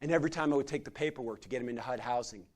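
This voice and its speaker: A middle-aged man, a secular humanist chaplain, telling stories in a sermon-style talk to a community gathering, swinging from loud to quiet. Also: medium pitch, rapid-fire. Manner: animated storyteller who swings from loud chanting to quiet intensity.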